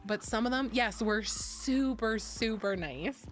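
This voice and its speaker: A woman's voice: a little high, expressive, a little slow, few pauses. Young woman yapping to her chat, blunt and sweary, laughs a lot, faint music behind. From Ontario, Canada. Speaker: streamer chatting with her chat. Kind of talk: casual chat.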